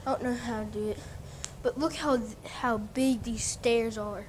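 Slow-talking teen girl giving a house tour. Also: fairly high pitch, fairly even intonation. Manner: rambling, distracted, chatty asides. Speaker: vlogger. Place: house, walking through rooms and outdoors. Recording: noisy home video.

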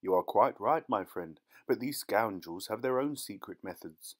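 A man voicing Mister Boggis, a fussy, smooth-talking antiques dealer posing as a clergyman, lecturing in a precise, indignant manner. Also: lowish voice, lively intonation, normal speed.

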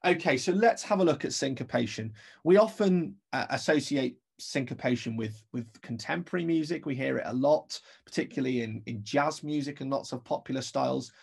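A man with an English accent teaching a recorded remote music lesson. His voice is gravelly and a little husky, and he explains each point step by step, counting beats aloud as he goes. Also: medium pitch.

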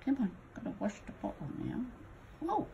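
Low gravelly Australian woman. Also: expressive, a little fast, a little mellow, a little hiss or hum. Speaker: wildlife carer. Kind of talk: casual chat while caring for a bat.

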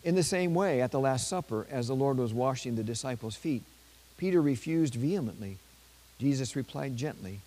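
A man with a dark, mellow voice reads aloud from a saint's life at a measured pace. Now and then he stops to add a quick aside in his ordinary speaking voice. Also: mid-range voice, expressive, rough recording. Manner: measured reading with brief spoken asides. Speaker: priest.

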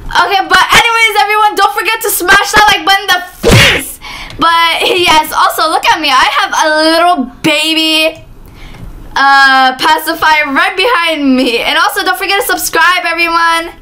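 A woman hosting a gameplay video, talking excitedly through the game and breaking into screams and laughter. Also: very high-pitched, normal speed. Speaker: gaming video host. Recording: steady background noise with keyboard clicks.

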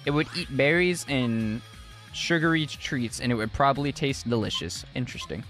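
A man's voice: mid-range voice, normal speed, a bit bright, soft background music. A young man streaming a game live and chatting with his viewers, exclaiming often and using casual slang.

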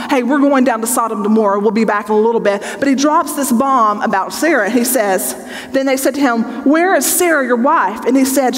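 A woman's voice: fairly high pitch, in a large hall. A woman Bible teacher leading an evening study, who reads scripture aloud and then explains it in a chatty, joking way.

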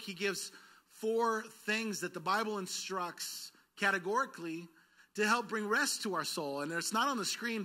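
A man preaching a sermon as pastor, coaxing call-and-response from his congregation. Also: sits high. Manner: lively, quick bursts then slowed words. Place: church sanctuary.

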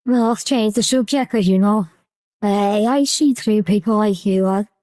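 A woman's voice: mid-range voice, measured pace, warm tone, no echo, rough recording. A woman hosting a livestream panel, confrontational as she calls out a guest. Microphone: online call.

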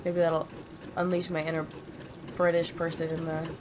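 A woman's voice: low voice, completely flat delivery, normal speed, background noise. A woman hosting a let's play, chatting and reading game notes aloud in a self-mocking way. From United States. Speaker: gaming channel host.

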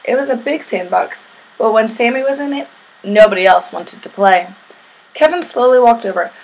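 A woman reads a children's story aloud at a steady, gentle pace. Her voice is on the higher side with a soft, husky breathiness. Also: moderate pace, rough recording. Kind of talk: reading a children's picture book aloud.

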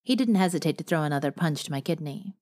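A woman narrating a romance audiobook in a steady first-person storytelling manner. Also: sits low, fast. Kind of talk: scripted narration.

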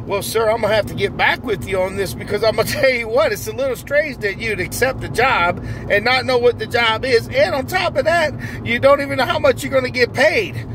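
A man's voice: very high-pitched, a little fast, hardly any pauses, noisy background. A man hosting a comedic mock interview, laughing often in a folksy, plain-spoken way. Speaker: comedy host posing as an interviewer.

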